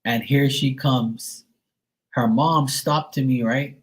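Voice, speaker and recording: A man's voice: medium pitch, fairly even intonation, slow pace, low-quality recording. Rambling, profane man telling a story. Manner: profane, rambling, filler-heavy; mimics others in a raised voice. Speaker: live stream host. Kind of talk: casual storytelling to viewers.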